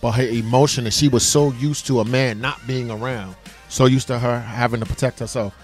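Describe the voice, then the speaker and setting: A man's voice: medium pitch, fairly even intonation, a little fast, faint music behind. A man in his forties co-hosting a casual talk radio show, speaking in an impassioned, emphatic way. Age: 40s. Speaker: co-host.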